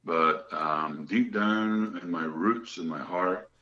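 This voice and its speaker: A man with a very low voice talks earnestly as an interview guest. He stumbles and repeats words as he looks for them. The sound is dull and lo-fi, like an internet radio show. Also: slow pace, sharp tone. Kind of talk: casual interview talk.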